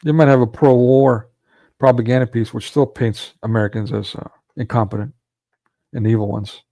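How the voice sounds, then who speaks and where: Gravelly man ranting sarcastically. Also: medium pitch, steady tone, moderate pace, warm tone, no room sound. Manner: sarcastic, scornful, with mocking laughs. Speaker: commentator. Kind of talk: ranting monologue commentary.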